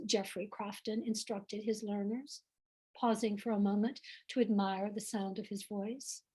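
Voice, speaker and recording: A woman author reading from her own novel in an expressive, unhurried storytelling manner, at an online event. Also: mid-range voice, slightly rough. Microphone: online event, home setup.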